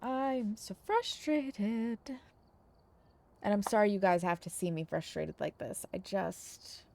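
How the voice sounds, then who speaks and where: A woman's voice: on the low side, fairly even intonation, normal speed, vocal fry, darkish tone. A woman streamer talking casually to her viewers, frustrated and venting, with some swearing.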